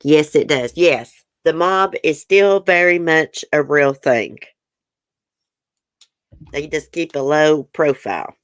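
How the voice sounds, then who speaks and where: Woman streamer, low voice, dry close sound, chatty and blunt, answers her chat. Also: dry recording. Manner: chatty, frank and opinionated, talks back to viewer comments. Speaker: livestream host. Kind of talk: casual chat reading news and viewer comments.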